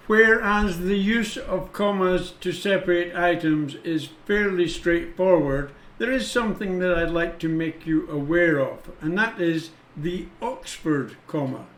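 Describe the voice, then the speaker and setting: Guy teaching punctuation, talks slow and patient, kinda echoey room. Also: sits high, fairly bright tone. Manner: patient and deliberate, pausing to spell out each rule. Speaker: English teacher. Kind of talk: explaining punctuation with read-out examples.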